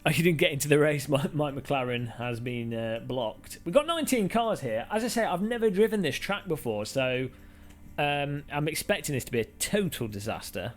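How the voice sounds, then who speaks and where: A man's voice: fairly high pitch, lively intonation, moderate pace, faint music behind. A man hosting a live stream, chatting casually in a jokey, rambling, self-deprecating way. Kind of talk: casual live-stream chat while sim racing.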